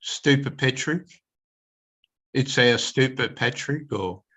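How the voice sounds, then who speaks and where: Brief: hesitant male student, mid-pitched voice, questioning. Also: takes it slowly, bright, forceful tone. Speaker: class participant.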